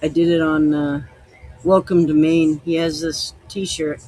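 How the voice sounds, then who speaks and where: A man's voice: fairly high pitch, little pitch movement, a little slow, darkish tone, husky, no room sound, soft background music, low-quality recording. A man hosting a podcast, chatting casually in a loose, rambling way while he tastes liquor. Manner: rambling, loose, easygoing storytelling. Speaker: podcast host.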